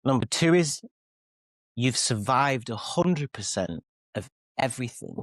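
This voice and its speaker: Man, 40s, Mancunian accent, interview guest, candid, self-deprecating, rambling, mid pitch, dry sound. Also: animated, a little slow, dry recording. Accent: Mancunian English. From England. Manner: rambling, self-deprecating, with frequent restarts and acted-out quotes. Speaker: guest, pop singer and author.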